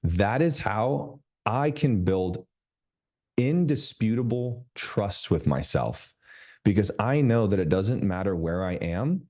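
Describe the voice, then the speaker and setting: A male business coach teaching over a video call, his voice low-set and mellow. He talks emphatically, drawing out key phrases to drive them home. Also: lively intonation. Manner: emphatic, slows down to stress points.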